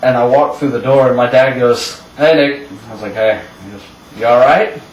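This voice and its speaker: Young male storyteller, rambling and chuckling, mid-pitch, recorded far off in an echoey room. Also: normal speed. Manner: rambling storyteller, laughs often. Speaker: co-host telling stories. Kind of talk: casual chat. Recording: echoey room, mic far off, faint hiss.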